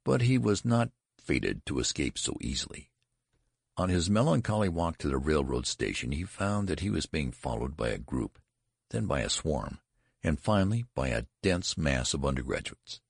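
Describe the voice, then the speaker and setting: Audiobook narrator, male, very low and gravelly, dry booth sound. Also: big pitch swings, moderate pace, dry recording. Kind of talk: storybook narration.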